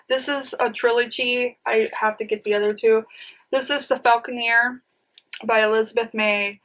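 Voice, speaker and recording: A woman's voice: fairly high pitch, steady tone, a little slow, fairly bright tone, low-quality recording. Chatty woman showing off a book haul. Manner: chatty and rambling, addresses viewers as "you guys". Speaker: book vlogger. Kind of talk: casual book haul chat.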